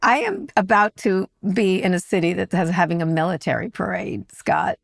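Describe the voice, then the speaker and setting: A woman's voice: on the low side, expressive, moderate pace, gravelly, no echo, studio quality. A woman in her sixties co-hosting a podcast in a blunt, opinionated casual chat. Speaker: podcast co-host.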